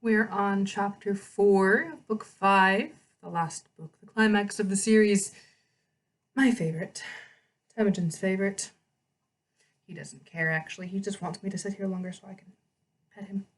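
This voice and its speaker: A woman hosting a read-aloud, reading a novel with chatty asides and quick self-corrections. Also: medium pitch, fairly even intonation.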